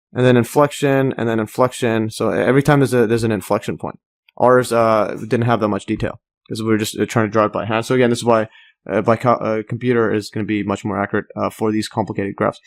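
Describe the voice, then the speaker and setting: A man explaining a math graph as he works, thinking aloud with many fillers, restarts and enthusiastic asides. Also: mid-range voice. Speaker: math tutor. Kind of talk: casual screen-recorded math walkthrough.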